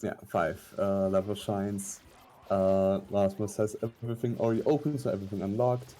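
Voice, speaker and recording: Low, dark-voiced male commentator with halting speech. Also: steady tone. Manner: halting, analytical, many fillers. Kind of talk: live esports commentary.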